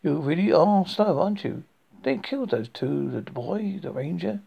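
A man reading a cruel mistress's lines in a gloating, whiny manner with a husky, gravelly voice. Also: high voice, expressive, normal speed, highs cut off, pitched above the performer's own voice, exaggerated voice. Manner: gloating, whining.

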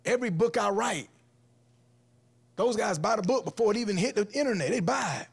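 A man, preaching an energetic, comic sermon as guest speaker at a church event. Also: high-pitched, fairly quick, gravelly, breathy edge. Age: 40s. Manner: animated, comic, acts out quotes in different voices. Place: church event hall before an audience.

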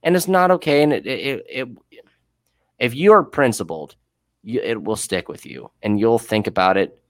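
Blunt, profane man with a low voice. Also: big pitch swings, a little slow, no room sound, clean studio sound. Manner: profane, blunt, heated storytelling. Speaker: former prison guard, podcast guest. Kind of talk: casual podcast chat.

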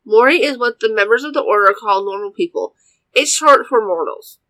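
Brief: woman storyteller, fairly high, dry close sound. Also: lively intonation, moderate pace, fairly bright tone, no room sound, low-quality recording. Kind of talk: first-person story reading.

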